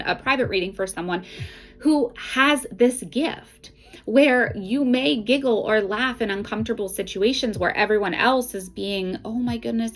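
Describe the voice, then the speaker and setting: A woman's voice: mid-range voice, fairly bright tone, low-quality recording. Earnest woman giving spiritual guidance. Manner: earnest, conversational, frequent "right?" and "okay?". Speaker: intuitive card reader. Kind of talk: casual spiritual guidance talk.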